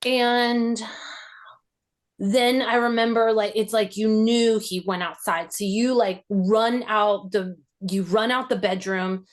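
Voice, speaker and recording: Slow, reflective woman recounting a memory. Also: medium pitch, fairly even intonation. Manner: reflective and halting, with many "like" fillers. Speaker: podcast host. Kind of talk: personal recollection in a podcast interview.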